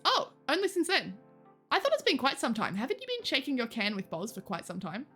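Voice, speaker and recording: Woman streamer, casual, swears and laughs a lot, talks to chat; voice sits a bit high and moves around a lot. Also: wildly swooping pitch, fairly quick, pushed and bright, husky, faint music behind. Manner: chatty, laughs often, swears casually, reads chat aloud. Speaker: livestreamer. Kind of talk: casual chat with live viewers.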